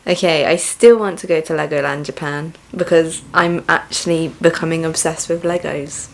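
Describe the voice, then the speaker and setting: Young woman vlogger, lowish voice, chatty and musing, casual reaction. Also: steady tone, moderate pace, vocal fry. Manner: chatty, musing, self-reflective.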